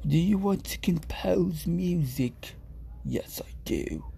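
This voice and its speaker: A man voicing a pompous, refined male composer, using a put-on English accent and slow, grandiose delivery. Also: high voice, creaky, dark tone, slightly rough, voice pushed up, exaggerated voice.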